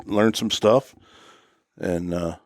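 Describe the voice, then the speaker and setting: A man from Michigan talking casually about a hunting trip in a relaxed, rambling way full of fillers. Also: deep voice, slow pace, dry recording, studio quality. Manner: relaxed, rambling, many "you know" fillers. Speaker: guest hunter.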